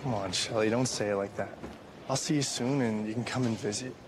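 An actor playing a teenage boyfriend who reassures his girlfriend in low, coaxing tones in a film scene. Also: brisk, background noise, natural voice. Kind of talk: film dialogue. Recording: film clip, distant, loud ambience.

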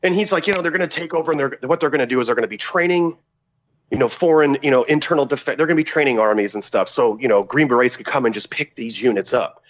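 A man, a former Special Forces soldier, telling a story as a podcast guest in a profane, animated way, acting out the dialogue. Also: mid-range voice, fast, muffled recording. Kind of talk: casual war-story telling.

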